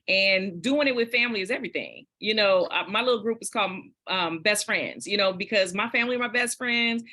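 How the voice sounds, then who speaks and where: A middle-aged woman with a bright, forceful voice, co-presenting on a group call. She speaks with eager enthusiasm and effusive praise. Her pitch sits in the middle for a woman. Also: brisk. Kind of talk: casual call chat.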